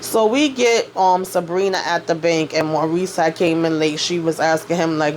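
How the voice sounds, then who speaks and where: A woman's voice: low voice, normal speed, few pauses, darkish tone, a little hiss or hum. A woman doing a casual spoken recap of a TV episode, retelling scenes by quoting the characters in a loose, chatty way with lots of "you know what I'm saying.". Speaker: TV recap vlogger.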